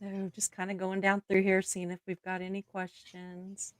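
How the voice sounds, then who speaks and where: A woman's voice: mid-range voice, completely flat delivery, moderate pace, no echo. A woman with a Southern American accent hosting a casual live stream, reading viewer comments aloud and laughing often. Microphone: live stream mic.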